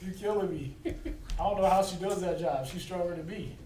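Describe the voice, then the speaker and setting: A man leads a loose Bible class, cracking jokes and laughing as he preaches. His voice sits high for a man, and it sounds roomy, picked up from across the room with a noisy hiss behind it. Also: fast, warm tone. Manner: joking, laughing often, preachy asides. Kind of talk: casual Bible teaching. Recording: roomy distant recording with noise.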